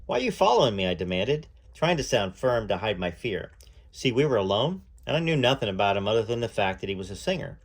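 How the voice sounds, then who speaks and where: A man with a lowish, expressive voice reads a first-person story aloud at a measured pace. Now and then he pauses to slip in his own asides.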